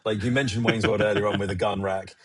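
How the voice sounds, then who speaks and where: A man co-hosting a podcast, chatting casually and telling lively, sweary stories that act out movie quotes. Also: on the low side, quick pace, a crowd in the background. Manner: animated, swearing storyteller who acts out movie quotes. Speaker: podcast co-host. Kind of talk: casual chat.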